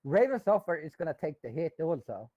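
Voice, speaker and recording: A man's voice: on the high side, big pitch swings, brisk, warm tone, no room sound. A man co-hosting a live stream, chatting casually about games, hesitant and restarting phrases while pushing back on points. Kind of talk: casual gaming chat. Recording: dull, dry lo-fi mic.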